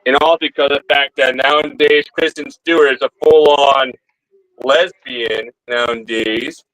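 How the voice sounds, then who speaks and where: A man co-hosting a casual livestream chat who talks in a drawn-out way and repeats his phrases. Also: mid-range voice, steady tone, fairly bright tone, poor audio.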